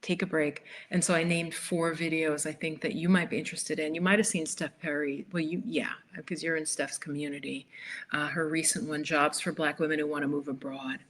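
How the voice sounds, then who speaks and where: A woman's voice: low voice, fairly even intonation, brisk, a bit bright. A woman hosting a casual live stream, chatting and answering viewer comments, sometimes dropping to a near whisper. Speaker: live stream host and lifestyle coach.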